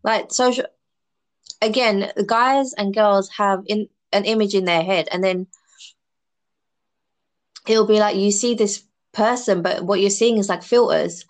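A woman's voice: medium pitch, measured pace, long pauses. A woman chatting casually as a podcast guest, eating snacks while she talks. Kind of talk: casual chat.

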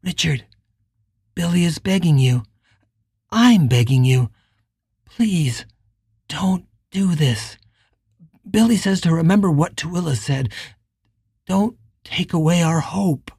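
A woman reading a gentle man who pleads with a friend, speaking softly and gently in a slow, low voice. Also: animated, slightly rough, no room sound, studio quality, exaggerated voice. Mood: pleading. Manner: soft and gentle.

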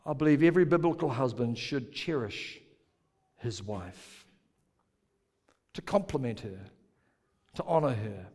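A man's voice: mid-range voice, animated, a little slow, long pauses, a little mellow, breathy edge, in a large hall. A male pastor preaching a sermon, playful and joking with the congregation, drawing them in to repeat words back.

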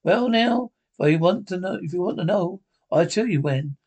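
A man's voice: high-pitched, expressive, normal speed, darkish tone, full character voice. Long John Silver, a swaggering old pirate, voiced by a man. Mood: commanding. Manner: rough sailor dialect, swaggering. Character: cunning boastful old pirate quartermaster, man.

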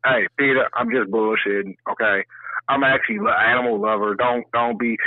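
A man's voice: medium pitch, a little fast, dry recording. A man co-hosting a casual chat, talking animatedly and profanely, with a lot of emphasis. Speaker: co-host. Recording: tinny phone-like line, dry.

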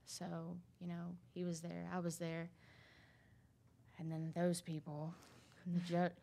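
A woman talks through a personal story, circling back with fillers and restarts. Her voice sits a little low. She tells it in an easy, conversational way. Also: monotone, creaky, dark tone. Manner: halting, many fillers and restarts. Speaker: interview guest sharing a recovery story. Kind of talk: casual storytelling.

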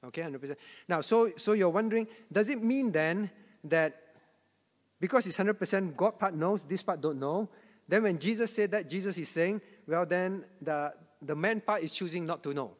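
A man's voice: high-pitched, moderate pace. A man pastor teaching the Bible to a congregation, with a repetitive, emphatic delivery and chuckling asides. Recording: long hall reverb.

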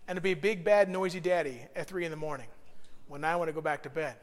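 A man preaching a sermon as a pastor. He talks conversationally, dropping to a hushed, earnest tone and then rising into loud bursts. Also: high voice, fast talker. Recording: long hall reverb.

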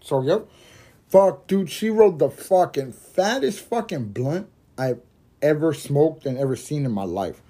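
Stoned male podcaster, loose rambling delivery, curses constantly, mellow tone. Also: on the high side, expressive, a little slow. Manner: rambling, heavy swearing, laughs at own jokes. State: high while smoking. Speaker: podcast host. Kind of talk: casual storytelling monologue.

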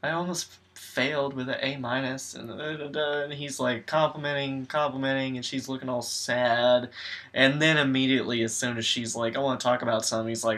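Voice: medium pitch, fairly even intonation, brisk, fairly bright tone. A podcast co-host recapping a movie in casual chat, sarcastic and profane, laughing often.

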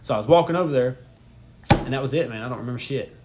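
A man's voice: mid-range voice, racing, heavy background noise. A young man co-hosting a podcast, telling a rambling, profane story in casual chat and laughing as he goes. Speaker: podcast co-host.

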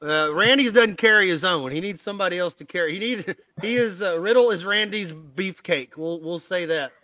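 A man's voice: high-pitched, normal speed, bright, forceful tone. A man hosting a casual wrestling podcast, bantering, firing off questions and laughing often. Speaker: podcast host.

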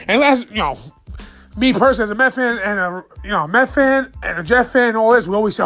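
A man's voice: high-pitched, expressive, fast talker, a bit bright, faint music behind. A man in his thirties from the New York area ranting about his sports teams in a casual, profane, heated podcast monologue.

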